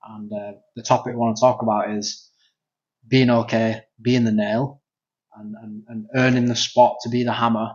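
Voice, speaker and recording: A lower-voiced man with a Manchester accent co-hosts a grappling podcast. His pitch stays very flat, and he explains things earnestly through steady fillers. The sound is dull and lo-fi. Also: moderate pace. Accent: Northern English, Manchester. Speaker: podcast co-host and grappling coach. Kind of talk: casual chat.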